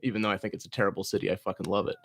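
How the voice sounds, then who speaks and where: A man's voice: fairly low pitch, little pitch movement, rapid-fire, gravelly, fairly bright tone, dry recording. A young man from Massachusetts, a guest in a casual chat, laid-back and swearing freely as he talks with enthusiasm.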